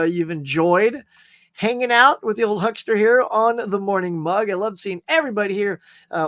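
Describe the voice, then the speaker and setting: A man's voice: high voice, dry recording, studio quality. A man hosting a casual live stream, rambling cheerfully, greeting viewers and reading their comments, often saying "y'all" and "man.".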